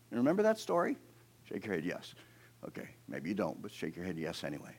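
Outdoors near a creek, a man preaches a sermon, dramatically telling scripture stories, acting out quoted speakers with big swings in loudness, and tossing in playful asides. His voice is deep with wildly swooping pitch, and he talks fast.

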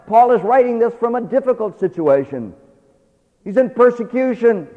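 A male preacher exhorting a church, moving between quiet asides and loud, emphatic passages. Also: very high-pitched, animated, moderate pace. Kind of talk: sermon. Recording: tinny phone-like sound with long reverb.

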